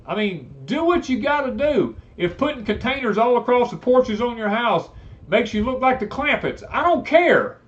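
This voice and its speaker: A man's voice: extremely high pitch, big pitch swings, normal speed. A man with a Southern US accent hosting a homesteading live chat, talking bluntly and emphatically like a preacher. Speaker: homesteading channel host. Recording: dull lo-fi live-stream audio.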